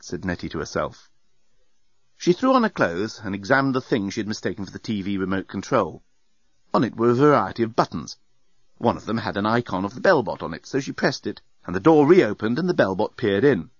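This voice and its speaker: A man narrating an audiobook in an expressive, wry storytelling way. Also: lowish voice, a little fast, no room sound. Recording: dull, muffled sound.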